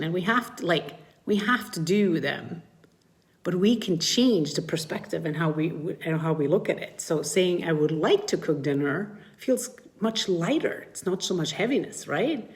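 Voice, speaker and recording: In a live-streamed session, a middle-aged woman coaches mothers, talking to her audience at a moderate pace with a somewhat low pitch. She acts out feelings with lively swoops in her voice.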